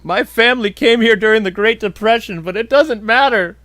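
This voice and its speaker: A man's voice: sits high, fairly quick, few pauses, fairly bright tone, dry recording. A man hosting a podcast, casually answering viewer questions in a blunt, jokey, opinionated way. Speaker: podcast host.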